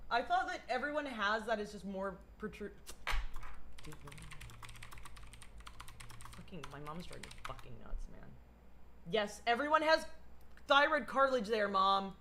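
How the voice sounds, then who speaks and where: Bright-voiced young woman streamer, hoarse. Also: mid-range voice, expressive, normal speed. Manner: rambling, swears casually, greets chat. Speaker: livestreamer. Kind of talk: casual livestream chat.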